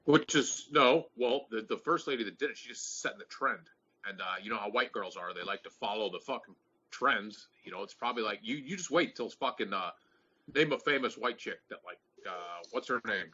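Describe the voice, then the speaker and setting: Lively, profane man chatting. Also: on the low side, normal speed, breathy edge, muffled recording. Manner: profane, laughing, rambling. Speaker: podcast host. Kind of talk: casual chat.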